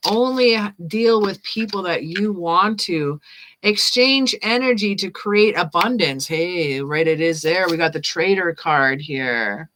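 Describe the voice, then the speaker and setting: A woman giving tarot readings on a casual live stream, chatting and reading card meanings aloud as she thinks out loud. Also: lowish voice, expressive, takes it slowly, slight background noise, poor audio. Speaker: tarot reader.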